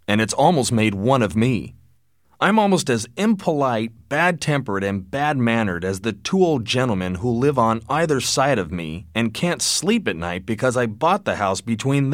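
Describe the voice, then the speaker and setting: A man voicing a blunt, wealthy old father who lectures his son forcefully, in a lively but dry-sounding reading. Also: mid-range voice, measured pace, no room sound.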